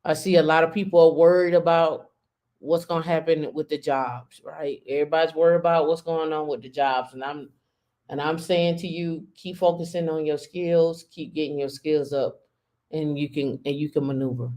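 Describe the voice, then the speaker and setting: A woman's voice: sits low, steady tone, moderate pace, warm tone. A woman hosting a live stream, chatting casually and talking straight to her viewers. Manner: chatty, addresses viewers directly.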